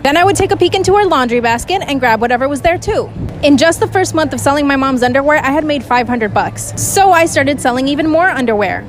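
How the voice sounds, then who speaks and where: A young woman with a high voice races through a storytime in a rapid, breathless way. Faint noise hums behind her, like traffic outdoors. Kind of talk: storytime narration.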